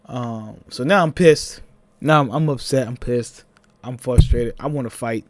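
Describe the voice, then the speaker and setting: A young man with a Philadelphia accent, telling a personal story in a casual, animated vlog, with laughing asides. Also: medium pitch, a little slow, no echo.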